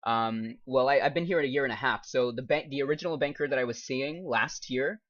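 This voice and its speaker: Dull lo-fi audio carries a young man's medium-pitched, slightly bright voice at a little fast pace. He's an American English teacher and game streamer, chatting casually on a live stream while gaming, reading out viewer comments and laughing frequently.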